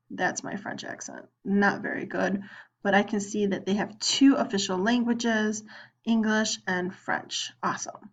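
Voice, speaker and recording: A woman's voice: mid-range voice, fairly even intonation, measured pace, dull audio. A woman teacher walking students through an online lesson, talking casually as she clicks through it and voicing their questions. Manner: chatty, plays both student and teacher. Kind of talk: screen-recorded lesson walkthrough.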